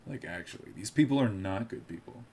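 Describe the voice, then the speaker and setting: A man's voice: lowish voice, lively intonation, brisk, darkish tone, husky. A man streaming live, rambling and laughing as he mocks people and tries out impressions.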